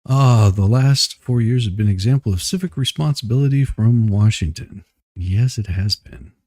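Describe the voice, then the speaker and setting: Low gravelly-voiced man chatting on a live stream. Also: animated, moderate pace, darkish tone, no echo, studio quality. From Southeast Michigan, US. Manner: rambling, self-deprecating, greets chat viewers by name. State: a little out of breath. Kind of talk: casual live-stream chat.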